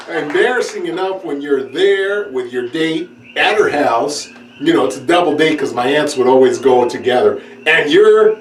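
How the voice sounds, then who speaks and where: A man doing stand-up comedy, telling a story, laughing as he goes and putting on high voices. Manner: laughs through his own story, acts out characters in high voices. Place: stage with audience. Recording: roomy, distant mic, noisy.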